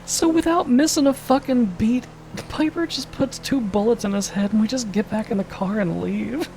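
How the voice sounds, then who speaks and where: Woman, gravelly voice, casual chat, quotes others, lots of cursing. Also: a little high, normal speed, background noise. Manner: animated, laughing, quotes others. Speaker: streamer playing a police role-play character. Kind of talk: casual storytelling with swearing.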